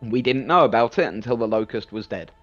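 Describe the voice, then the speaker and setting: A man on a voice call during a multiplayer game, explaining what happened in an animated way, with some swearing. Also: medium pitch, brisk, muffled recording, soft background music. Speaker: player in a multiplayer game session. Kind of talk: casual group chat over voice call.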